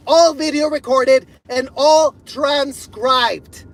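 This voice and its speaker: A man ranting to camera in fury, swearing heavily, repeating his points and bursting into shouts. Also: very high voice, takes it slowly, few pauses, poor audio. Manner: furious, profane, repeating himself, bursts of shouting. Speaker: video creator. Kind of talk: angry rant to camera.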